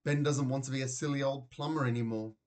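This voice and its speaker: A man voicing an excitable, gushing mother who works as a nail technician, in a children's storybook reading. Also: mid-range voice, fast talker, lightly acted.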